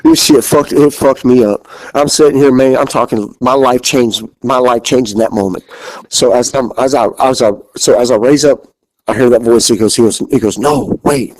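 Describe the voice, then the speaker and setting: A man's voice: medium pitch, steady tone, moderate pace, a little mellow, no room sound, low-quality recording. A man telling a haunting story as a podcast guest, rambling, repeating himself and swearing freely. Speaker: interview guest.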